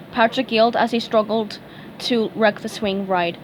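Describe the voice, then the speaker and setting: A woman reading a cartoon fan story aloud, slowly and carefully, with the odd stumble. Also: on the high side, slight background noise, low-quality recording. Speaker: fan fiction reader. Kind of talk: storybook read-aloud narration.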